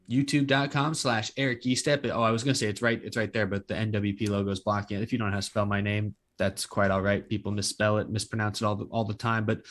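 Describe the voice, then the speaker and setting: Male podcast co-host, mid pitch, relaxed and friendly, casual filler-laden wrap-up.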